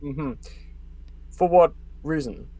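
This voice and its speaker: A man's voice: a little high, takes it slowly, mellow. A man voicing a hesitant, plant-loving male adventurer in a tabletop game, speaking with lots of fillers. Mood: wary. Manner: hesitant, many fillers and restarts.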